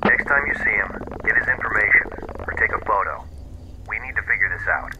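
A brisk park ranger on a noisy radio. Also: male voice, on the low side, sing-song, muffled recording. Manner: matter-of-fact, by-the-book radio talk. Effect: radio transmission. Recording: loud noisy radio line.

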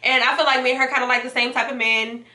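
Woman host, high bright voice, chatty and slangy, casual at-home recap, echoey room. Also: fairly even intonation, fast talker. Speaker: YouTube reaction host. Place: home setup with hookah and wine.

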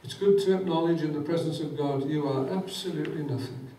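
A man's voice: a little high, brisk, dark tone, a little hiss or hum. Fervent preacher man in an echoey church. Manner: fervent, quotes scripture with rising emphasis. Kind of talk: sermon. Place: church hall. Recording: echoey church hall, mic at a distance.

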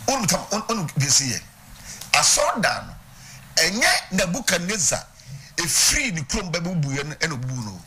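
A man's voice: on the high side, big pitch swings, a little fast, background noise. A man with a Ghanaian accent preaching a sermon, teaching and putting questions to his congregation. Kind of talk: sermon mixing Twi and English. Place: church.

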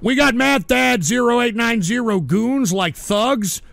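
A man's voice: extremely high pitch, measured pace, gravelly, fairly bright tone, dry recording, studio quality. A man hosting a live stream, reading out donations and ranting angrily with lots of swearing. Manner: angry, profane ranting. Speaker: livestream host.

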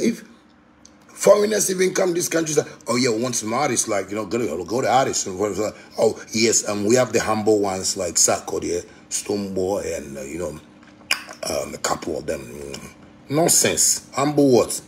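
A Ghanaian-accented musician in his thirties livestreams into his phone, delivering an impassioned social media rant. He preaches with heat, lurching from loud, high outbursts to low, muttered asides.

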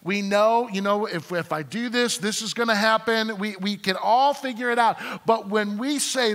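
Man preaching in a church, high voice, animated and conversational, long hall reverb. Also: normal speed, hardly any pauses. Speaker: pastor. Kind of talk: sermon. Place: church sanctuary.

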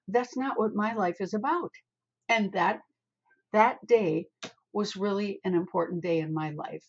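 An older woman, a spiritual healer, telling a story in an interview in an animated way and calling the host honey. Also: mid-range voice, slightly rough, muffled recording.

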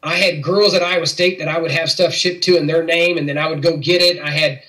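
Middle-aged man from Missouri, interview guest, earnest testimony, voices the people in his story, a touch higher-pitched than most men. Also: steady tone, a little fast, bright, forceful tone, low-quality recording. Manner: earnest storytelling, acts out quoted dialogue. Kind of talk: personal faith testimony.

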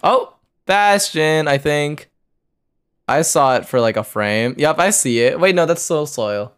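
A man's voice: fairly high pitch, lively intonation, measured pace, smooth. A young man streaming a game, muttering a loose running commentary to himself as he plays. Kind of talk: live gameplay commentary.

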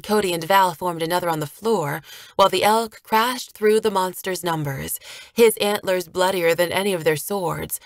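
A woman narrating an audiobook chapter, reading a fast action scene in a steady storytelling manner. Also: lowish voice, dry recording. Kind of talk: scripted narration.

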